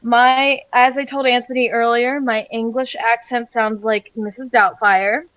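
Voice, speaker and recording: A woman's voice: a little high, steady tone, a little slow, no echo, dull audio. A woman acting as game master, chatting casually and jokingly with players before the game starts. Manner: friendly, jokey, talks with her hands. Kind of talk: casual chat over video call. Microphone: video call.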